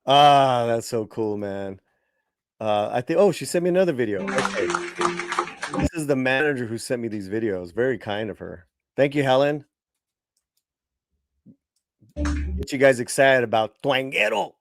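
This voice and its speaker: A man's voice: mid-range voice, lively intonation, normal speed, over music. A man hosting a casual talk show, chatting enthusiastically and loosely. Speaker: podcast host.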